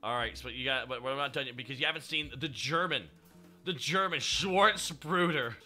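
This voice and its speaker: A Canadian man chatting excitedly as a co-host, swearing, laughing and making mock-dramatic asides. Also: mid-range voice, quick pace, faint music behind. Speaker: podcast co-host. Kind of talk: casual chat reacting to an anime.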